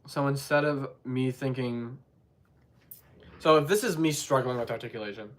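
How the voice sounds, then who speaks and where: A man's voice: mid-range voice, normal speed. A young man answering trumpet questions on a live stream, in a rambling, self-deprecating way, singing syllables to show his points.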